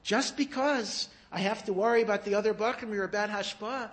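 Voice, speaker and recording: A man giving a sermon, telling stories in an animated way that rises to emphatic peaks. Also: high voice, brisk, hardly any pauses. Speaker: rabbi giving a talk. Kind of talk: storytelling sermon.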